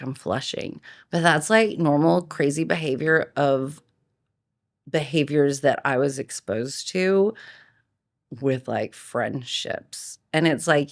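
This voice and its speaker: Lively, laughing woman podcast host. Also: deep voice, vocal fry. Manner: animated storytelling, frequent laughter. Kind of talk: casual chat.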